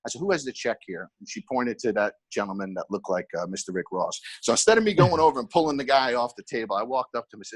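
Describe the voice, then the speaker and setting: A man's voice: mid-range voice, lively intonation, fast, hardly any pauses. A middle-aged man, a former nightclub head of security, telling stories in a casual podcast chat and acting out the dialogue he quotes.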